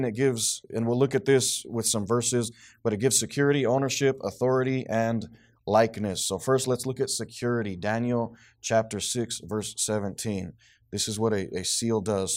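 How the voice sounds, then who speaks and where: A man leading a Bible study with a small group, reading scripture aloud with rising force and then explaining it in a relaxed, conversational way. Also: lowish voice, normal speed. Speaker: Bible teacher.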